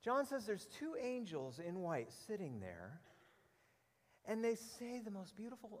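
A middle-aged man preaching a sermon with animated storytelling, often repeating words as he goes. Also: high-pitched, unhurried, big-room sound. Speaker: pastor.

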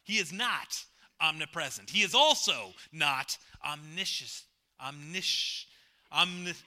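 Slowly and with lively intonation, a slightly high-voiced pastor preaches, repeating his key phrases. He swings from loud to hushed, jokes with the congregation, and asks them questions.

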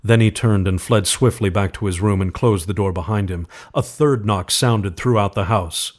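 Brief: male storyteller, lower register, measured and suspenseful narration. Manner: slow, measured, suspenseful reading. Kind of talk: scripted horror story narration.

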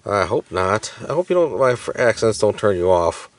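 A man's voice: fairly low pitch, big pitch swings, normal speed. A man in his thirties co-hosting a podcast in casual chat, hesitant with many fillers and restarts. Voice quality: hesitant, many uhs and self-corrections. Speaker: podcast co-host.

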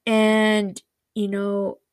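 A woman's voice: medium pitch, monotone, extremely slow, no room sound, clean studio sound. A woman hosting a podcast, recapping a drama in a rambling, casual way full of fillers and laughs. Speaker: podcast host.

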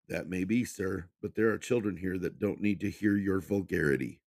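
A man voicing a calm, firm restaurant manager. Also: low voice, normal speed, no echo, studio quality, voice pushed up.

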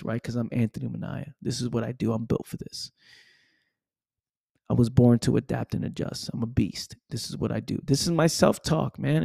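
A man's voice: mid-range voice, creaky, dark tone, dry recording, clean studio sound. A man giving an emphatic motivational monologue, repeating himself and dropping "right?" and "man" asides. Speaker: motivational speaker.

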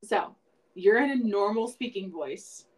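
A woman's voice: mid-range voice, animated, measured pace, rough recording. A woman co-hosting a casual podcast, talking animatedly, laughing often and swearing. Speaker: podcast co-host.

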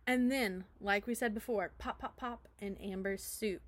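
A woman's voice: mid-range voice, moderate pace. Giggly young woman rambling through a story. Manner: giggly, rambling, many "so anyways". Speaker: co-host. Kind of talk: improvised comedic storytelling.

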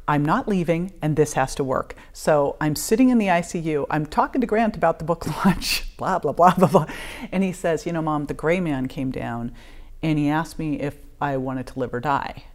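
Brief: middle-aged woman guest with a deep voice, lively storyteller who plays out each quote. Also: moderate pace. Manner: animated, acts out quoted dialogue, laughs often. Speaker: podcast guest. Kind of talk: emotional personal storytelling.

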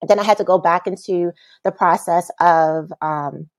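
A woman in an interview telling a personal story in a casual, animated way, acting out the people she quotes. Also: measured pace, no room sound. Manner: animated, acts out quotes with big pitch jumps and laughs. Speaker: podcast guest, massage therapist.

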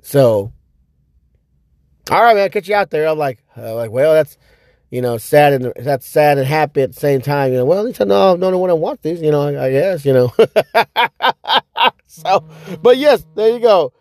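Guy rambling thru a story on his podcast, kinda high voice, acts out his freakouts loud, real dry close sound. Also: moderate pace, long pauses, no echo. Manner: animated, acts out his own past reactions with sudden loud outbursts; rambling with many fillers and repeated words. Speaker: podcast host. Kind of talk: casual storytelling monologue.

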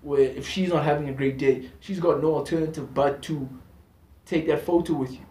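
A man's voice: fairly high pitch, fairly even intonation, normal speed, warm tone. A man chatting casually on a podcast, slangy and talkative, often restarting his sentences. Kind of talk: casual chat. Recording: echoey room.

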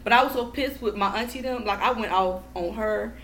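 Give me a woman on a podcast, heated and profane, with a bright, slightly high voice. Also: fairly quick, a little hiss or hum. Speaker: podcast guest. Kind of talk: casual chat.

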